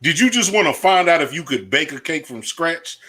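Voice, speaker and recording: A Southern man hosts a loose interview with lively slang and an animated delivery. His voice sits slightly high. He keeps it casual and friendly. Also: moderate pace, breathy edge. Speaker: host.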